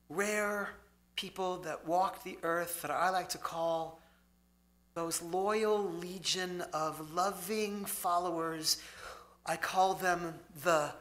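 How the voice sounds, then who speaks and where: A man giving an inspirational talk to a congregation in a synagogue hall, swinging between loud emphasis and hushed softness. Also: high-pitched. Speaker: motivational speaker.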